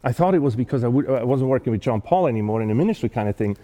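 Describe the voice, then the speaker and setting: A man giving a talk, telling a personal story in an earnest, animated way with frequent restarts. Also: mid-range voice, very fast, in a large hall. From not American-born.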